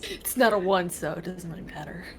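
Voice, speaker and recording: A woman's voice: on the low side, animated, brisk, background noise. A woman playing a tabletop game, chatting playfully. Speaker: player. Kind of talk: casual game chat.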